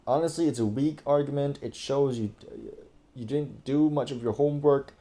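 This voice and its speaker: A man's voice: mid-range voice, moderate pace, dark tone. A man from Thailand giving casual, profane, exasperated commentary full of fillers and restarts. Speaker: political commentator. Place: indoors over screen recording.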